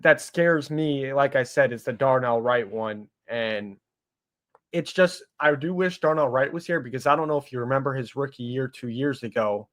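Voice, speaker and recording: A man's voice: mid-range voice, a bit bright. A man talking football on a fan podcast, easygoing and conversational, often restarting his sentences. His voice sits in an ordinary middle register. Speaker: podcast co-host. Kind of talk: casual sports talk.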